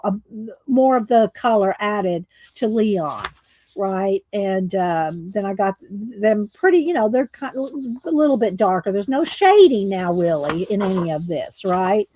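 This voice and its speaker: A woman's voice: mid-range voice, darkish tone, a little hiss or hum. A woman hosting a coloring livestream, chatting casually and rambling with fillers and restarts. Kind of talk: casual chat while coloring.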